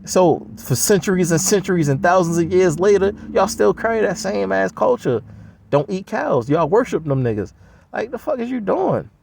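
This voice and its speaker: A man's voice: sits high, lively intonation, moderate pace, creaky, a little mellow. A man delivering a blunt, heavily profane, scoffing solo rant. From United States.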